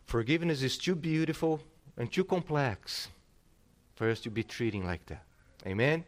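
Middle-aged guy pastor preaching, lively up-and-down voice, kinda high, stumbles and restarts a lot. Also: moderate pace, pauses often. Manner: animated, emphatic, with frequent restarts. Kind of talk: sermon.

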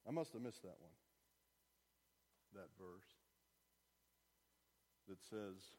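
A man delivers a sermon to his congregation in a wry, conversational way. He pushes into loud, emphatic preaching on his key points. His voice rings out with a long reverb, as in a large sanctuary. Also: deep voice, lively intonation, slow pace, pauses often. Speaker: pastor.

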